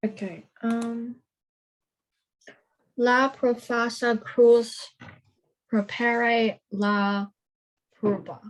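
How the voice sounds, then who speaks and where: A woman student reading aloud carefully in an online class over a video call, halting at times. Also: a little high, flat delivery, low-quality recording.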